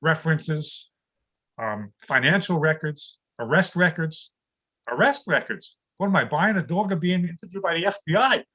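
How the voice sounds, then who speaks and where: An older man doing a stand-up comedy routine over a video call, delivering deadpan one-liners about his home life. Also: a little high, normal speed, low-quality recording.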